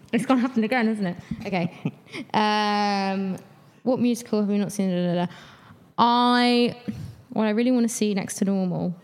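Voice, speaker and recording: A woman's voice: mid-range voice, normal speed, darkish tone, clean tone, in a large hall. A young woman with a London accent, chatting as a guest in a casual interview, giggly and self-deprecating. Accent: London English. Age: young adult. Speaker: guest, musical theatre actor. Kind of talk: casual chat.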